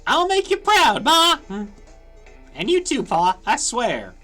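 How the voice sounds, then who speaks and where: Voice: high-pitched, wildly swooping pitch, slow pace, sharp tone, soft background music, voice pushed up, full character voice. A streamer voicing an eager, brave young cow girl from a cartoonish fighting game while reading the dialogue boxes aloud. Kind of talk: let's-play dialogue reading.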